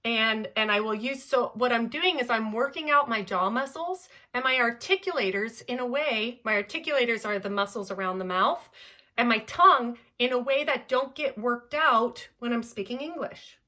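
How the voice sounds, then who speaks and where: A young adult woman from Southern California, a voice teacher talking in a podcast interview in an animated, playful way. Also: a little high, moderate pace. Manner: animated, playful, demonstrates with gibberish singing sounds. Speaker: voice teacher, guest.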